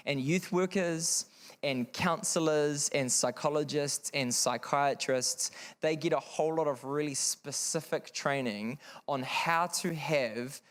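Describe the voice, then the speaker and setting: A man's voice: fairly high pitch, a bit bright. A man speaking frankly to parents in a seminar room, telling a personal story in a conversational, earnest way with wry asides.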